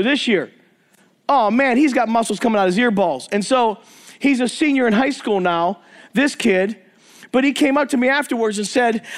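Male preacher, high voice, animated storyteller sermon to a men's group. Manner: animated, acts out quoted voices, jokey asides. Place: church or men's meeting hall.

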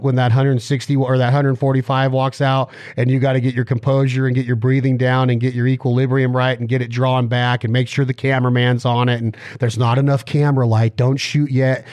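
A man's voice: mid-range voice, darkish tone, dry recording, studio quality. Teasing man firing off questions. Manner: rambling, teasing, rapid-fire questions. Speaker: podcast host. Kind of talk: casual interview chat.

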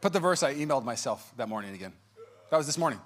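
A man in his thirties preaching a sermon, telling personal stories with jokes and acting out quotes in a put-on voice. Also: rapid-fire. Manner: animated, jokey, acts out quotes in high-pitched voices. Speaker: pastor.

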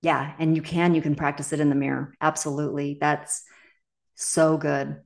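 A woman's voice: sits low, flat delivery, normal speed, vocal fry. A middle-aged woman coach and podcast host, talking casually, candid and emphatic, swearing freely. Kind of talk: casual solo podcast talk.

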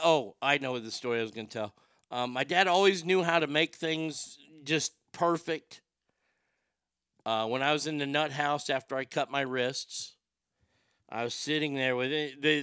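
Bright, crisp-voiced male radio host. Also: mid-range voice, no echo. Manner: rambling, profane, darkly humorous. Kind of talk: casual storytelling monologue.

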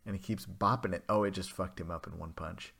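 A man's voice: sits low, steady tone, brisk, gravelly, fairly bright tone, breathy edge. A man co-hosting a podcast, laid-back and swearing in casual chat. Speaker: podcast co-host.

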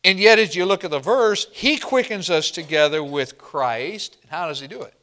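A man preaching a sermon to a congregation, slow and emphatic, often asking the room questions and answering them. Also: on the high side, animated, pushed and bright. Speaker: pastor.

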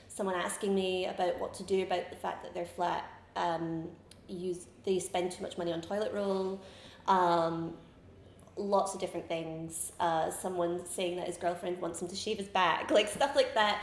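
A woman in her twenties chatting casually in an interview, rambling and giggling through animated stories. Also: lowish voice, normal speed, echoey room. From Scotland. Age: 20s. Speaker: comedian guest.

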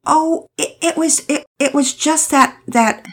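A woman's voice: high-pitched, unhurried, pitched above the performer's own voice. A woman voicing a bratty, mocking young girl who gets flustered and stammers when scolded. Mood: sheepish.

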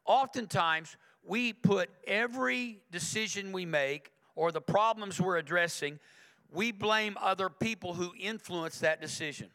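A man's voice: high-pitched, measured pace, pushed and bright, big-room sound. A man preaching a sermon as pastor, conversational and emphatic, driving points home through repetition. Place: church sanctuary.

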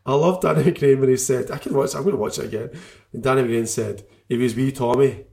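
A man's voice: medium pitch, fast talker, vocal fry, darkish tone. A man in casual chat about football, emotional and rambling, often trailing off and restarting.

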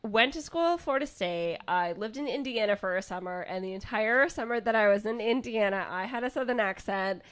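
A woman's voice: medium pitch, a little fast, hardly any pauses, fairly bright tone, no room sound. A young woman with a Midwestern accent, co-hosting a comedy podcast and reading listener letters in a chatty, rambling way. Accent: Midwestern American. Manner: chatty, rambling, frequent restarts and laughter. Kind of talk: casual comedy podcast chat.

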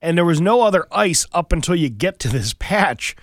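A man's voice: a little high, big pitch swings, moderate pace, dry recording, clean studio sound. A middle-aged man co-hosting a morning radio show, telling stories in a rambling way full of fillers. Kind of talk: casual radio banter. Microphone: studio mic.

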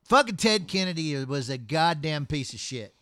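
Man, crude and blunt, smooth clear voice, dry sound. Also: on the high side, expressive, moderate pace, sharp tone, no room sound. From Texas. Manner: crude, blunt storyteller, swears constantly. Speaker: firefighter co-host. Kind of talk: profane casual chat.

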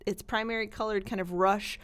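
A woman's voice: mid-range voice, a little fast, smooth. Bubbly woman co-hosting a chatty talk show. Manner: bubbly, animated, laughs often. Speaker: podcast co-host. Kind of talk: casual chat recommending films.

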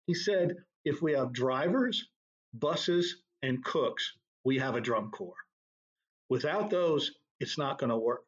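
Middle-aged man, husky voice, easygoing storyteller, dull lo-fi sound. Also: a little high, normal speed. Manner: relaxed anecdotal, laughs at own stories. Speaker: drum corps tour director. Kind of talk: conversational interview storytelling.

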